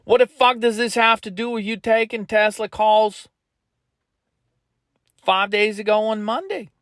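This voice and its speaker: High pitched guy swearing nonstop, blunt pushy trading coach rant, dry sound. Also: unhurried, a bit bright, dry recording. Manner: blunt, heavily profane, pushy. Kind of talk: motivational rant to viewers.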